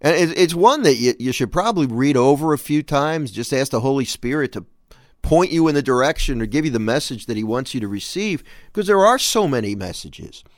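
A man's voice: mid-range voice, expressive, brisk, no room sound, studio quality. A man hosting a show, reading scripture aloud and reflecting on it in an earnest, emphatic way. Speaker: host.

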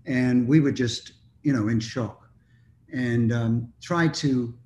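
An older man spins a meandering story in a relaxed interview. His voice sits at a middle pitch, he pauses often with ums and restarts, and faint noise hums behind him. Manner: rambling anecdotal, with frequent ums and restarts. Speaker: guest musician.

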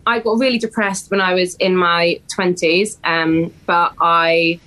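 A woman, a podcast guest talking in a lively, emotional, animated way. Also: lowish voice, unhurried, poor audio. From West Wales. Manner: animated, emotional, acts out voices in stories. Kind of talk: casual podcast chat.

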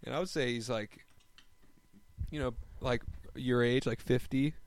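A man chatting casually and telling an animated story, laughing often. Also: mid-range voice, unhurried, clear, resonant tone. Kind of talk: casual chat.

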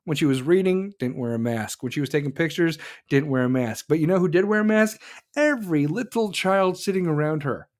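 A man in a heated, profane political rant. His voice sits a little high, and he swears freely and mocks others with shrill impressions. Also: lively intonation, a little fast.

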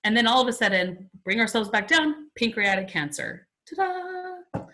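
A woman's voice: medium pitch, animated, fairly quick, sharp tone, poor audio. A woman in her forties, a podcast guest, telling a personal story in a chatty, emotional way with many "like" fillers. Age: 40s.

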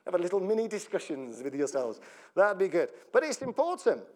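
Big pitch swings mark this pastor's high voice as he preaches fairly quickly. The sermon is jokey and conversational, punctuated by laughter, broken-off sentences, and questions to the congregation.

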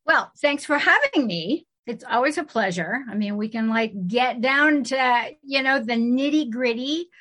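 Outspoken female guest with a high voice, casual and unfiltered talk. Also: lively intonation, measured pace, hardly any pauses, fairly bright tone. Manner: blunt and outspoken, swears casually. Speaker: podcast guest. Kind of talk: casual podcast chat.

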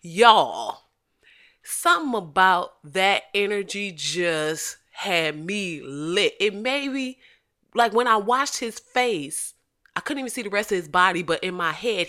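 Woman w/ aave going off, cussing, loud then quiet, real bright sharp voice. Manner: profane, animated, swings from loud shouting to low asides. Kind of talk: casual comedic rant.

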